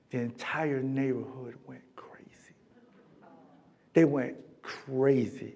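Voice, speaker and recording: A man's voice: medium pitch, takes it slowly, creaky, pauses often. A middle-aged man from Florida, a keynote speaker telling a comic story to a live audience and acting out voices as he goes. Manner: animated, comic, acts out voices in his anecdotes. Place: large event hall.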